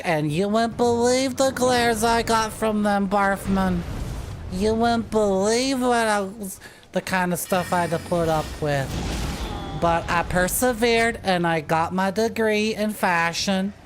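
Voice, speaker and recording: A woman's voice: mid-range voice, background noise, pitched above the performer's own voice, close to an everyday voice. A woman putting on an exaggerated Southern drawl as a folksy country girl spinning a tall tale in a comic bit. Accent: put-on American Southern. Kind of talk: comic improvised character bit.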